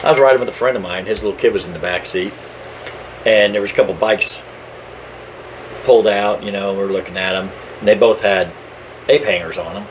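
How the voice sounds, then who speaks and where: A middle-aged man chatting casually as a podcast co-host, telling rambling stories and getting animated when he quotes other people. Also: lowish voice, fairly quick, pauses often, background noise. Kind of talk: casual chat.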